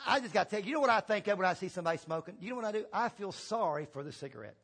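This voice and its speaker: High-voiced animated male preacher. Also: rapid-fire, breathy edge. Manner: emphatic call-and-response preaching with repeated phrases; folksy humor. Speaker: pastor. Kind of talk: sermon. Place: church sanctuary.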